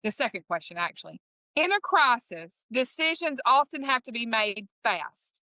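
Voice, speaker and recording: A woman's voice: on the high side, very animated, moderate pace, pushed and bright, dry recording, rough recording. A woman with an East Texas Southern accent hosting a podcast in a folksy, upbeat way, often restarting her sentences. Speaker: podcast host.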